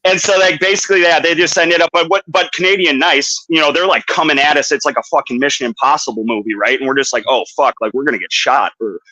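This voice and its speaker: A man's voice: on the high side, quick pace, few pauses, pushed and bright, no echo, poor audio. A man from Minnesota hosting a podcast, rambling through anecdotes in casual chat. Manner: rambling anecdotes with put-on voices. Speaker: podcast host.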